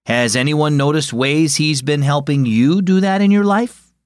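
A man's voice: on the high side, unhurried, clear, resonant tone, dry recording, studio quality, close to an everyday voice. A man voicing a patient father who teaches his family, in a storybook reading. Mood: gentle. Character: calm, gentle father leading family devotions.

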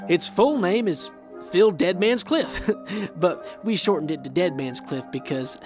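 A rugged, folksy mountain guide in an audio drama, voiced by a man. His speech is homespun and drawling, and his pitch swings widely. Music runs under the dialogue. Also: expressive, a little slow. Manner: folksy drawl, says "reckon".

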